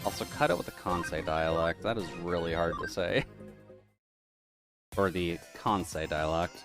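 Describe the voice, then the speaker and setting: A man's voice: deep voice, normal speed, fairly bright tone, soft background music. A man streaming a game live, muttering sarcastic commentary and swearing. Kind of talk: casual live gameplay commentary.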